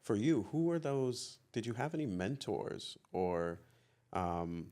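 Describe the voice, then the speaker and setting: A man's voice: on the low side, very animated, slow, dark tone. A man hosting an interview, thoughtful and affirming, with plenty of fillers as he asks questions. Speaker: host. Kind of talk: conversational interview.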